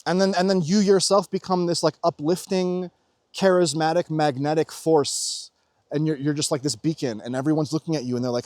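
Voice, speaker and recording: A man with a slightly higher voice talks straight to his viewers in a casual, fired-up monologue, swearing freely. He swings from loud urging down to quiet murmurs. The sound is dry and close. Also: fairly even intonation, a little fast, dry recording. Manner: intense, swearing, swings between loud exhortation and low murmurs. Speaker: spiritual vlogger.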